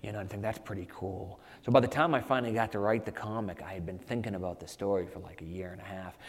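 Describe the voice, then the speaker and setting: A man's voice: on the low side, rapid-fire. Storytelling male author, reverberant hall. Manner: animated anecdotes, frequent "you know" fillers. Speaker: author guest. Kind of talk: conversational storytelling.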